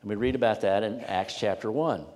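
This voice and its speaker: A male pastor preaching an expository sermon. He swells with emphasis on key phrases and drops to quiet asides. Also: fairly low pitch, a little fast. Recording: long hall reverb.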